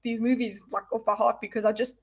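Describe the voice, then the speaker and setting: A woman's voice: fairly high pitch, steady tone, fast, slightly rough. A woman chatting casually on a livestream, rambling and restarting her sentences as she answers viewers.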